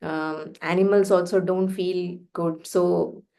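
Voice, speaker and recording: A woman teaching Sanskrit chanting, slowly spelling out sounds with soft fillers. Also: fairly low pitch, fairly even intonation, gravelly. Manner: slow careful pronunciation drills with fillers.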